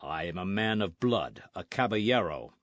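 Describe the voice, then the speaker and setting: A man's voice: low voice, lively intonation, normal speed, dry recording, studio quality. A man playing Don Carlos, a proud old nobleman. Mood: dignified. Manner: indignant, proud, rising to shouts. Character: pompous, outraged elderly Spanish-Californian nobleman.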